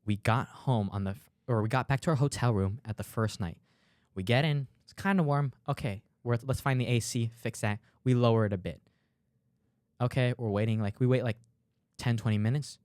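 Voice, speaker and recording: A young man co-hosting a podcast, telling stories in an animated way and acting out the people in them. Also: mid-range voice, fairly quick, dry recording, studio quality. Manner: animated storyteller, acts out dialogue, fillers like "dude". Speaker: podcast co-host. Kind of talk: casual chat.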